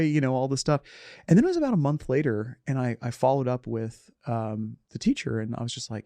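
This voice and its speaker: Earnest gravelly man telling a story. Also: mid-range voice, animated, mellow, no room sound. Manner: earnest, candid, halting with restarts. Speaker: podcast guest. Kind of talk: reflective conversational storytelling.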